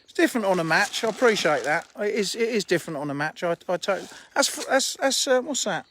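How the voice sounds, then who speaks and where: A man's voice: sits high, lively intonation, fast, fairly bright tone, slight background noise. A fishery owner chatting informally on a live stream while walking round his lake, holding his phone, with faint birdsong outdoors. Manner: chatty, laughing, blunt and informal. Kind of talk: live-streamed lakeside walk and chat. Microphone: handheld phone.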